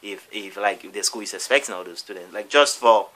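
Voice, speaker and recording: A man's voice: lowish voice, a little fast, sharp tone. A man vlogger telling a long story casually, rambling with restarts and acting out the people in it. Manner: rambling, restarts and acts out all the voices.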